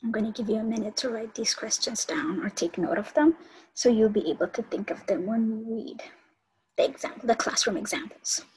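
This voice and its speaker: A woman's voice: fairly high pitch, a little fast, darkish tone, a little hiss or hum, low-quality recording. A woman college instructor giving an online lecture and explaining teaching steps to her students.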